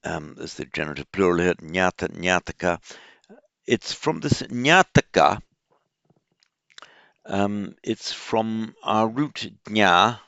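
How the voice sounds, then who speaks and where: A man giving an informal lecture on Buddhist texts, explaining word roots slowly with many fillers and restarts. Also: lowish voice, animated, gravelly, fairly bright tone, no room sound. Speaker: teacher of Pali and Buddhist texts. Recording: dull, muffled lo-fi sound.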